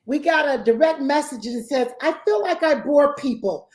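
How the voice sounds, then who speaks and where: A woman's voice: sits high, normal speed, a little mellow. A woman co-hosting a talk radio show, speaking conversationally and reflectively. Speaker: radio co-host.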